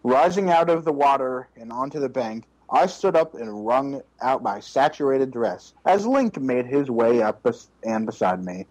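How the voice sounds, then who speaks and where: Man, lively pitch, dry close sound, sarcastic fanfic reader. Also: moderate pace, hardly any pauses, no echo, poor audio. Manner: reads with sarcastic interjections. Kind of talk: comedic dramatic reading.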